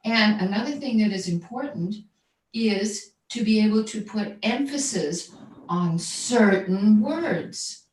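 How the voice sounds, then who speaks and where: A woman's voice: mid-range voice, lively intonation, slow, darkish tone. A woman who is a voice coach and jazz singer, explaining her methods in a conversational interview, often checking in with "right?" and repeating words as she searches for them. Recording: roomy echo, distant from mic.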